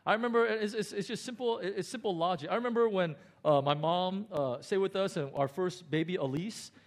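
Animated stammering male pastor preaching. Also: sits high, fairly quick. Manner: animated, stammering restarts, rising excited emphasis. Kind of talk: sermon. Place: church in Hong Kong.

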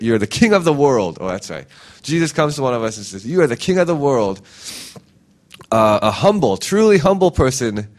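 A man preaching a casual sermon in a conversational way, often ending points with "right?" and acting out quoted voices. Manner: conversational, frequent "right?" tag questions; acts out quoted voices with big pitch jumps.

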